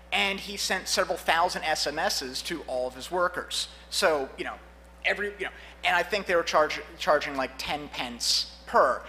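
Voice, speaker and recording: A man's voice: a little high, bright, forceful tone, a little hiss or hum. A man giving a live conference talk on law and security, rambling with many fillers and acting out conversations. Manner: rambling, fillers, acts out dialogue. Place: conference hall.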